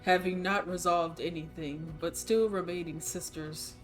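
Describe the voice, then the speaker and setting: A woman's voice: fairly low pitch, steady tone, a little slow, soft background music. A woman narrating a tabletop game as game master, playful and often laughing.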